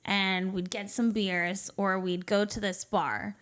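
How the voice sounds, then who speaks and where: Slow and somewhat bright, with little pitch movement in her mid-range voice, this Portland, Oregon woman shares her life story openly as a podcast interview guest. She speaks conversationally, using lots of "um" and "you know," and laughs nervously in short bursts.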